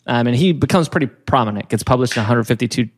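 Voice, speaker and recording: Young male podcast co-host, gravelly voice, rambling casual storyteller. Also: medium pitch, quick pace. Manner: rambling, many fillers, giggles often.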